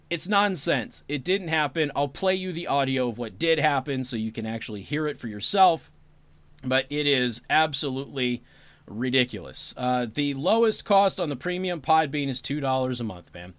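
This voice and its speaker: This radio talk show host has a mid-range voice with a fairly bright tone, captured in a dry recording. He talks casually with listeners, gets sarcastic about politics, makes apologetic asides, and breaks into laughter, in the style of a casual livestream commentary.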